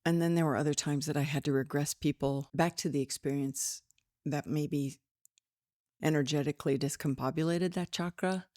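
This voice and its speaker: A woman's voice: deep voice, fairly even intonation, normal speed, a little mellow, dry recording, studio quality. A middle-aged woman hosting her spiritual podcast in a chatty, rambling way with giggly asides, a little tired. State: tired with slight headache. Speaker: podcast host and spiritual teacher. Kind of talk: casual spiritual podcast talk.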